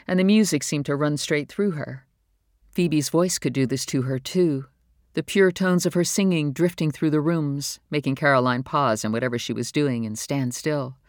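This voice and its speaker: Casting: steady audiobook narrator, even pace, dry booth sound. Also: mid-range voice, dry recording. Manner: calm, measured storytelling.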